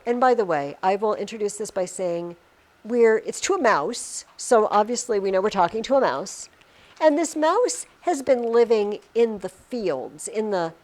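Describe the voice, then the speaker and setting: A woman teaching a literature class, her pitch rising and falling a lot as she talks. She questions her students as she goes. The voice is recorded in a classroom.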